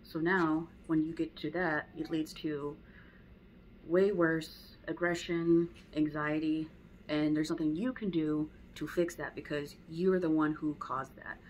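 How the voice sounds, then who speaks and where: Low-voiced woman dog trainer at home. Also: steady tone, measured pace, slight background noise, poor audio. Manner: conversational, acts out dog and owner voices. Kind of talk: casual spoken lesson.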